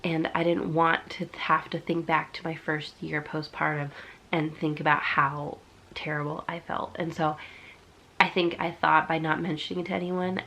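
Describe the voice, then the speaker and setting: Young woman vlogger with a stuffy nose from a cold; a slightly low, chatty, confessional delivery. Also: flat delivery, moderate pace, bright, forceful tone. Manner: chatty and confessional, with fillers and nervous laughs. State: congested from a cold. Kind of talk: candid personal vlog.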